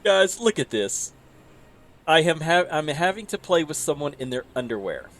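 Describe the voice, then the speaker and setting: A man's voice: on the high side, very animated, moderate pace, a bit bright. A man co-hosting a game stream, chatting casually, teasing his partner and laughing often. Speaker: streamer and co-host. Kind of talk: casual gaming chat. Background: video game music.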